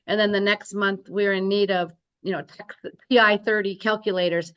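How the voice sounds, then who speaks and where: A woman's voice: mid-range voice, steady tone, normal speed, hardly any pauses, fairly bright tone, clean tone, highs cut off. A woman in her sixties, a real estate broker, telling her story in an interview and acting out quoted dialogue.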